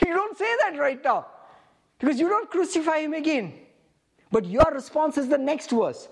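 A woman's voice: sits high, sing-song, normal speed, vocal fry, breathy edge. A woman preaching a sermon, reading scripture aloud and asking the congregation questions.

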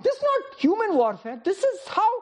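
A woman's voice: very high-pitched, sing-song, moderate pace. A woman preaching a sermon, firing rhetorical questions at the congregation, calling on people by name and laughing often between points.

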